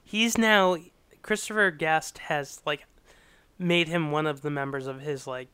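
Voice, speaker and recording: Man, podcast host: crisp bright voice, dry close mic, laughs a lot while recapping. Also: fairly high pitch, a little slow, dry recording. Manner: giggly, animated retelling. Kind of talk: casual podcast chat.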